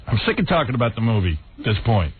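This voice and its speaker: A man's voice: mid-range voice, sing-song, fast, breathy edge. Brash profane man on tinny radio. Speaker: radio show host. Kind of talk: crude rambling storytelling chat. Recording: tinny phone-like radio broadcast.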